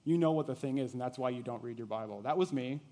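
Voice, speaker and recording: A man preaching a sermon in a conversational way, asking his listeners questions and dropping to a quiet intensity on key points. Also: mid-range voice, quick pace. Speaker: pastor. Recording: long reverb of a large hall.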